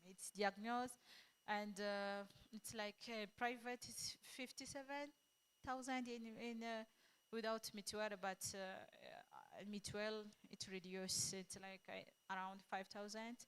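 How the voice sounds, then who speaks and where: A woman doctor answering questions in a halting manner, often searching for words. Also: mid-range voice, fairly even intonation, fairly bright tone, clean tone. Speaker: doctor presenting.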